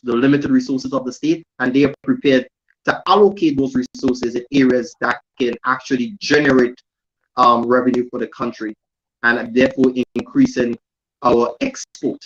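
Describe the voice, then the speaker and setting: Male panel guest, steady explainer, muffled lo-fi audio. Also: mid-range voice, moderate pace. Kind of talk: talk show commentary.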